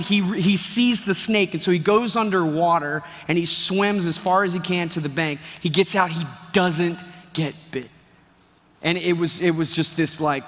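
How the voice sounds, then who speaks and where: Man, conference speaker, high voice, loose storytelling, muffled recording in a reverberant hall. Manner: chatty, quizzes the crowd, many restarts. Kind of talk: storytelling talk to a live audience. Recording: dull sound, reverb of a big hall.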